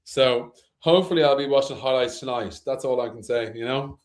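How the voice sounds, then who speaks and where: A man's voice: medium pitch, brisk. A man chatting casually as a co-host of a fan show, emotional and rambling, full of restarts.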